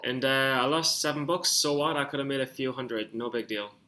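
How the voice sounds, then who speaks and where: A young man talking through his stock trades on screen, rambling and getting excited, swearing when worked up. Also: medium pitch, fairly quick, slight background noise. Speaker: stock trading vlogger. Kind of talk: casual screen-share commentary.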